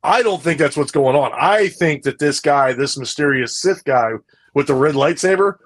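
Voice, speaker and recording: A man's voice: on the high side, lively intonation, normal speed, fairly bright tone. A man co-hosting a podcast in casual chat, rambling and repeating his phrases. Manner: rambling, repeats himself often. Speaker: podcast co-host.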